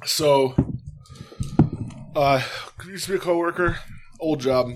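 A man's voice: a little high, takes it slowly. Young man telling a story, swearing freely. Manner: animated, swears a lot. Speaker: guest. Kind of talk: casual storytelling.

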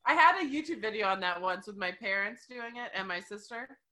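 An American woman hosting a casual chat, giggling and animated. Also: medium pitch, a little fast. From United States.

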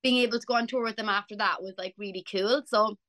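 Bright-voiced chatty Irish woman. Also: medium pitch, fast, no echo. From Ireland. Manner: chatty, animated storyteller. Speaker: singer, interview guest. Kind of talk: casual chat.

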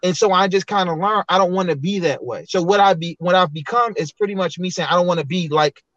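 High-voiced earnest man, dull dry audio. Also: fast, a bit bright, no room sound. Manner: earnest, reflective, many restarts. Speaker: podcast guest. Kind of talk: candid personal storytelling.

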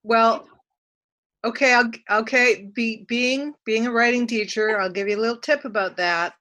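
Bright-voiced woman writing teacher. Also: on the high side, fairly even intonation, moderate pace. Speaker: guest, writing teacher and memoir author. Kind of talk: casual interview chat.

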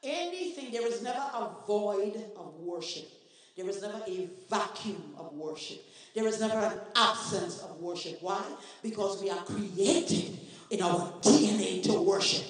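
A man's voice: high voice, moderate pace. A man from Trinidad and Tobago with a Trinidadian accent, preaching a sermon as a guest preacher and calling on the congregation to answer back. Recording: echoey hall, voice from far off.

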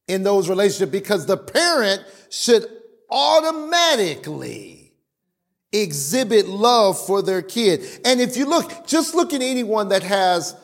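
A man preaching a sermon in an animated way, sometimes acting out the voices of worshippers. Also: high-pitched, measured pace. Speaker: pastor.

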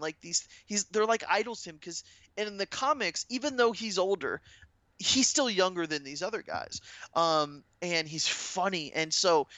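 Excitable guy on a podcast, bright high voice, dry close sound. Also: no room sound. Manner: excited, rambling fan talk. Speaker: podcast co-host. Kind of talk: casual chat.

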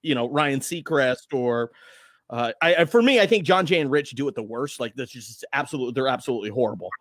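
A man's voice: medium pitch, brisk, no echo, studio quality. A man who hosts morning radio, chatting loosely and rambling as he tells stories on a podcast. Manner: loose, rambling, animated storytelling. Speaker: morning radio host, guest. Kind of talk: casual podcast chat.

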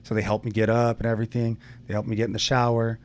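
A man's voice: on the low side, flat delivery, quick pace. Laid-back young man telling a story. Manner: rambling, laid-back, frequent swearing and fillers. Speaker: podcast co-host. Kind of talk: casual storytelling chat.

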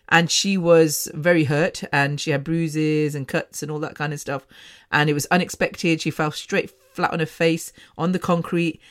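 Candid rambling woman podcaster. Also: low-pitched. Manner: candid, rambling, many restarts and trailing sighs. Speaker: podcast host. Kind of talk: casual solo podcast monologue.

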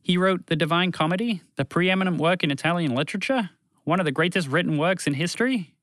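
A man's voice: high-pitched, quick pace, fairly bright tone, dry recording. A man doing a precise spaceship computer. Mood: insistent. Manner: precise, informative, a bit exasperated. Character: calm know-it-all female spaceship computer.

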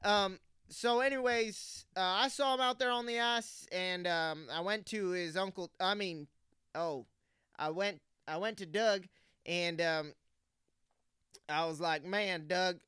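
Folksy racing spotter, played by a man, bright clear voice, earnest and stilted. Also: sits high, dry recording, studio quality, exaggerated voice. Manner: slow, formal, full of fillers. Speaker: race spotter. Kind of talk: improvised comedy interview.

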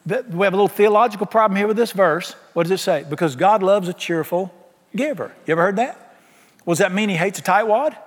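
Brief pastor, man, high voice, folksy and animated, long hall reverb behind him. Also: fast talker. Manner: folksy, animated preaching with acted-out quotes. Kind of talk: sermon.

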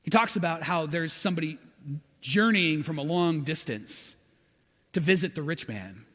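A man preaching a sermon, retelling a story dramatically with big swings from hushed to loud. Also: fairly high pitch, animated, moderate pace, in a large hall. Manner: dramatic storytelling, acting out quotes with swings in volume.

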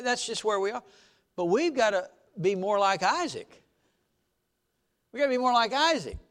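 A man delivers a sermon in a church, his voice pitched high for a man. He preaches in a folksy, conversational way, tossing rhetorical questions at the congregation. His pitch leaps up and down all the way through. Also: fairly bright tone. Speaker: pastor.

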